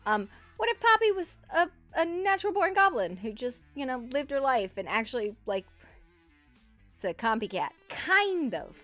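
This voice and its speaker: A woman's voice: sits high, sing-song, moderate pace, a bit bright, soft background music. A woman streamer chatting casually about her roleplay character, rambling with fillers, swearing and laughs. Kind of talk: casual live-stream chat.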